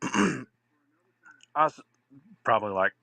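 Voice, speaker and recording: A man's voice: medium pitch, sing-song, very slow, creaky, pushed and bright, dry recording. A man telling a rambling, profane story, acting out both sides of an old argument. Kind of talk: casual storytelling.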